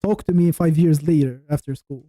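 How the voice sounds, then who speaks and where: A frank man in his thirties from Tunisia, rambling through a casual livestream chat with viewers and restarting his sentences as he thinks aloud. His voice sits a little high but sounds very dark and mellow, and the recording is dry and close. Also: a little fast, dry recording, low-quality recording. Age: 30s. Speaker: YouTube livestreamer.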